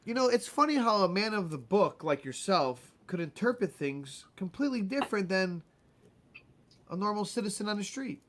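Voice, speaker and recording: A man's voice: high-pitched, big pitch swings, moderate pace, a bit bright. A man co-hosting a casual comedy chat show, joking and teasing his partner. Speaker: co-host.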